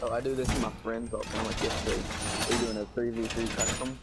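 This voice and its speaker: A man's voice: medium pitch, level tone, quick pace, heavy background noise. A man chatting easygoingly as a teammate in an online game. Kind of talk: voice chat during online game.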